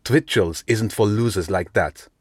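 A man's voice: fairly low pitch, measured pace, slightly rough, no room sound, clean studio sound. A man reading an audiobook, voicing a big, scowling teenage school bully who talks with contempt. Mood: sneering.

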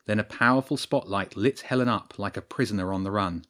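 A man narrating a story in a steady storytelling voice. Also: on the low side, fairly quick. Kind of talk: scripted narration.

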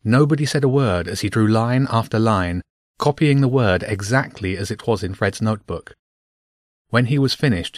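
A man narrating a children's adventure story aloud with an expressive reading. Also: lowish voice, moderate pace, no echo, clean studio sound.

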